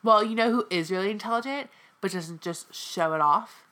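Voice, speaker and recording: This is a young woman from the American South with a bright, sharp edge to her voice. She talks in an opinionated, dramatic way and keeps breaking into exaggerated high-pitched impressions of people. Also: moderate pace. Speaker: co-host. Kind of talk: casual reality-TV recap chat.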